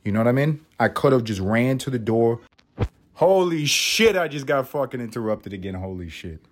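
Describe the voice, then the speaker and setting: This is a young man talking alone on his podcast in a loose, off-the-cuff ramble. He swears freely and mocks himself as he goes. His pitch sits in a middle range for a man. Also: a little fast. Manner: profane, rambling, self-mocking. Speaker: podcast host. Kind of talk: casual solo podcast monologue.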